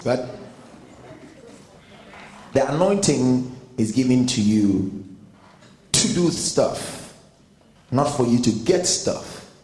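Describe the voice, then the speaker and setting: Ghanaian pastor preaching in an echoey hall. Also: male voice, expressive, slow pace, long pauses, dark tone. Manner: emphatic preaching, rising in pitch and force. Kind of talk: sermon. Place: church hall. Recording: echoey hall with long reverb.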